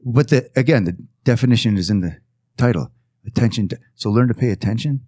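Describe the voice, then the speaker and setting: A man speaking as a podcast guest in casual conversation, earnest and reflective, pausing often with fillers. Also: medium pitch, dark tone, dry recording, clean studio sound.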